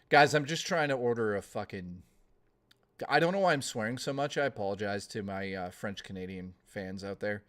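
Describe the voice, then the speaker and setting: A man's voice: lowish voice, lively intonation, a bit bright. A man chatting casually on a live stream, thanking viewers and rambling into profane rants. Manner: rambling, profane, quick to rant. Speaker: livestreamer.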